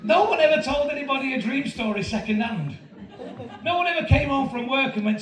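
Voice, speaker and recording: High-voiced comic in his fifties. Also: brisk. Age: 50s. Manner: profane, storytelling, animated. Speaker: stand-up comedian. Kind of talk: stand-up routine. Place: large comedy venue with audience laughter. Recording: echoey venue recorded from far off with crowd. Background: audience laughing.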